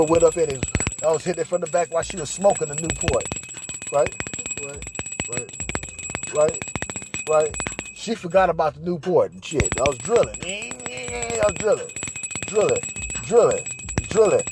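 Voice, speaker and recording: A man hosting a podcast, telling a crude story in a boastful, profane way, repeating phrases and slipping into singsong. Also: on the high side. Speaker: podcast host.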